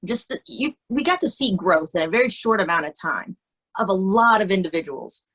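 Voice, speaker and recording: A woman's voice: mid-range voice, animated, normal speed, a bit bright, slightly rough, rough recording. A woman, a makeup artist, talking in a casual conversation, chatty and laughing, often restarting her sentences. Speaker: guest, cosmetologist and makeup artist.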